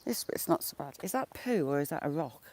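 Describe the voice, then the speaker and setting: A woman's voice: sits low, animated, a little fast, a little mellow. Chatty woman on a countryside walk. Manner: chatty, laughs often, talks to herself. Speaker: vlogger. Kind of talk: casual walking vlog, chatting to live viewers. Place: outdoors by a river in countryside.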